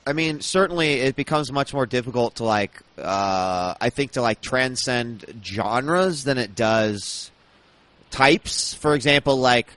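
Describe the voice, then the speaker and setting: A man's voice: medium pitch, measured pace, a bit bright. A man hosting a casual esports podcast, talking loosely with lots of fillers and restarts. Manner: hesitant, many fillers and restarts. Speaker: podcast host.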